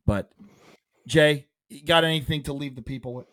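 A man's voice: a little high, moderate pace, a bit bright, no echo. A man co-hosting a casual sports podcast, talking emphatically, restarting phrases and dropping in frequent "all right"s. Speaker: podcast co-host.

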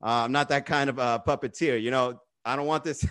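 A man's voice: mid-range voice, fairly even intonation, brisk, a bit bright. A man who hosts a comedy livestream, rambling and teasing viewers in the chat with profane jokes, recorded on a phone. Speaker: stand-up comedian and livestream host. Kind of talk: casual livestream chat and roasting.

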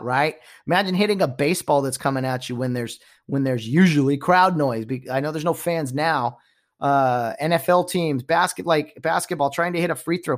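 Animated man ranting on a sports podcast. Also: fairly high pitch. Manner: animated, incredulous, acts out quotes in mock voices and whispers. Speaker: podcast host. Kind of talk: casual sports rant.

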